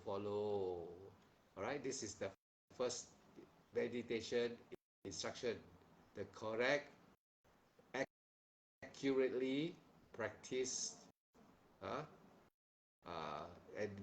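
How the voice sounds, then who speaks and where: Sternly admonishing his listeners, a man with a lowish voice gives a meditation dharma talk, repeatedly tacking on "huh?". His plain wording is full of repeated phrases and restarted sentences, and the rough recording has slight background noise.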